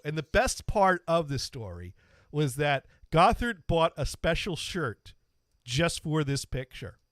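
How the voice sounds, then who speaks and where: A podcast host tells a long, self-deprecating anecdote in casual fashion, often stopping and starting over. His voice is a little high and fairly bright, with no room sound.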